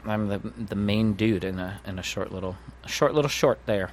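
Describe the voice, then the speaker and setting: A man's voice: fairly low pitch, moderate pace. A man being interviewed as an actor guest, chatting casually in a rambling, hesitant way with lots of fillers.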